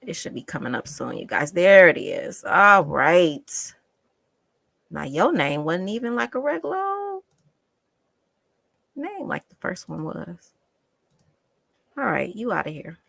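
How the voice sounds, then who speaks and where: A woman's voice: on the low side, sing-song, unhurried, creaky, pauses often, fairly bright tone, dry recording. A woman doing casual live-stream commentary, emphatic and exasperated, often repeating phrases for effect.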